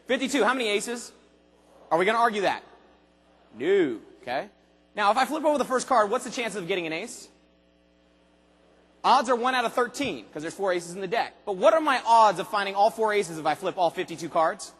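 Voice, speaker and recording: A man giving an animated motivational speech to a large convention crowd, asking the audience rhetorical questions and acting out voices. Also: high voice, fairly quick, breathy edge, long reverb tail. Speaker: motivational speaker at a sales convention. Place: large arena convention hall.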